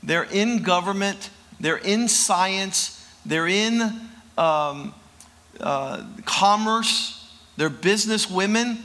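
A man's voice: high-pitched, slow, sharp tone. A man preaching a sermon and leading a prayer, emphatic and drawn out, often repeating words. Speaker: pastor.

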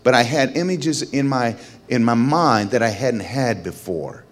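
A middle-aged man sharing a personal testimony. He tells the story with lots of energy, his voice jumping high when excited and falling low and quiet in the solemn parts. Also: measured pace.

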